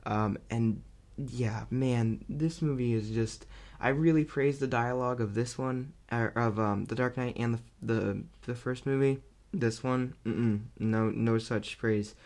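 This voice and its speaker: A man's voice: mid-range voice, unhurried. Rambling man reviewing a movie. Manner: rambling and filler-heavy, with frequent restarts; excitable and amused. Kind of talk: casual movie review monologue.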